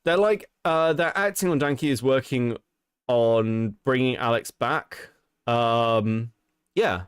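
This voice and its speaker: A man's voice: medium pitch, takes it slowly, clear, resonant tone, dry recording, studio quality. A male stream host giving heated commentary, exasperated and swearing often. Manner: exasperated, profane ranting.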